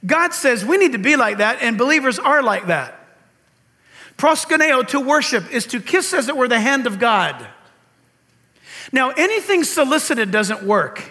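An older pastor preaches a sermon full of earnest rhetorical questions, his high, reedy voice having been likened to a cartoon frog. He is very animated, speaks at a normal speed, and has a sharp tone.

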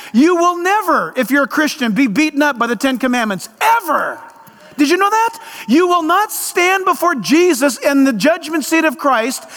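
A man's voice: very high voice, a bit bright. A male pastor preaching a conversational sermon to his church, full of emphatic rhetorical questions. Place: church sanctuary. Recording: long reverb of a large hall.

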